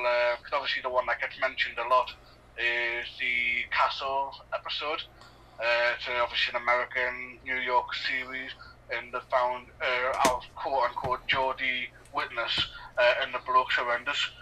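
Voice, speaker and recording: A man's voice: medium pitch, completely flat delivery, moderate pace, bright, forceful tone, recorded from a distance, a little hiss or hum, rough recording. A man with a Northeast English accent, co-hosting a casual film commentary podcast and rambling with lots of fillers and firm opinions. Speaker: podcast co-host.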